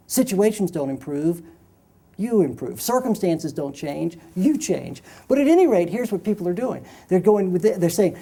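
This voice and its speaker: A man's voice: on the high side, gravelly, warm tone. A man, a sales trainer, giving an emphatic motivational talk that repeats key phrases and tells stories.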